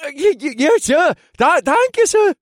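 A stammering, pleading thief. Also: male voice, very high-pitched, very animated, normal speed, no room sound, clean studio sound, pitched above the performer's own voice. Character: nervous poor male thief, stammering and pleading.

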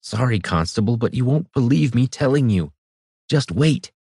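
A man's voice: mid-range voice, animated, normal speed, darkish tone, breathy edge, no room sound, clean studio sound, voice pushed up. A man voicing a timid, nervous male cobbler in a fantasy audiobook, pleading and anxious.

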